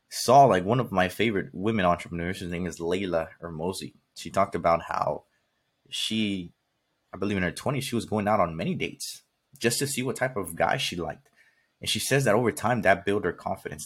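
A man from California hosts a podcast with a husky voice on the low side. He lays out a blunt motivational monologue to the listener, swearing casually and repeating himself for emphasis.

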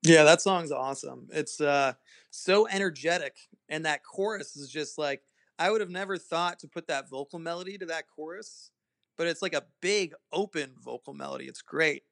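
A man's voice: on the high side, normal speed, creaky, a bit bright, no echo, studio quality. A man guesting on a podcast as a guitarist, chatting in a laid-back, enthusiastic way with lots of fillers. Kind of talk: casual chat.

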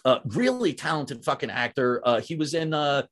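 A man's voice: medium pitch, moderate pace. A young adult man hosting a podcast, chatting casually and swearing freely, saying "dude" and "like" a lot. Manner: animated, swears freely, says "dude" and "like" often. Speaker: podcast host. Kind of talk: casual chat.

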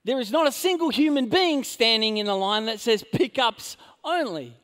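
A man with a high voice preaches a sermon as a pastor. He tells a personal story in a loose, conversational way, full of fillers. He swings from loud, emphatic lines down to hushed asides. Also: animated, moderate pace. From Orange County, California. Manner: conversational fillers like "like" and "you know".

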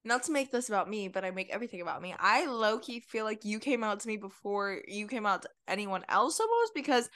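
A young woman speaks at a middle pitch in a casual podcast chat. She talks candidly and at length, drops plenty of "like"s, and leans on dark humor. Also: lively intonation, fast, few pauses. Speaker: podcast co-host.

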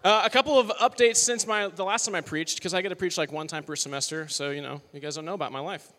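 A man's voice: sits high, quick pace, sharp tone. A man in his twenties, a worship leader preaching a casual, joking sermon to college students, chatty and upbeat with lots of "like" and "you know.". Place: large worship hall with live audience. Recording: long hall reverb.

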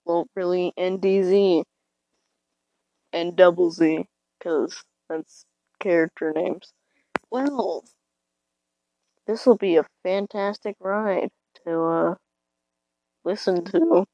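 A teenage girl talks into her phone from bed in the middle of the night, rambling and putting herself down. Her voice is mellow and dark, and it cracks from time to time. She speaks slowly, and the sound is dry and close. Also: fairly low pitch, no room sound, lo-fi sound. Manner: self-deprecating, rambling, hesitant. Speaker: podcaster. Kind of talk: casual rambling monologue.

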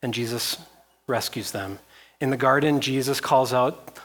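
A man's voice: mid-range voice, normal speed, pauses often, fairly bright tone. A man preaching a sermon as pastor, reading scripture aloud with rising intensity and repeating phrases.

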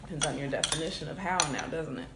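A woman in a casual debate, calmly reasoning through her rebuttal. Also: deep voice, quick pace, reverberant, noisy background.

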